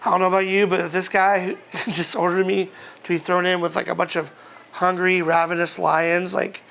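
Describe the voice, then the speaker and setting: High, gravelly male pastor preaching casually. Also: moderate pace. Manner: relaxed, chatty, frequent fillers and chuckles. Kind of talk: casual conversational sermon with scripture reading.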